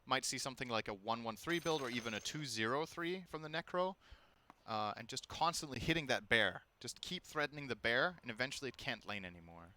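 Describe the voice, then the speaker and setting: A man's voice: mid-range voice, animated, fairly quick, bright, forceful tone, a little hiss or hum. A man casting an esports match, methodically thinking aloud as he breaks down the draft picks. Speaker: esports caster. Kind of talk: analytical game commentary.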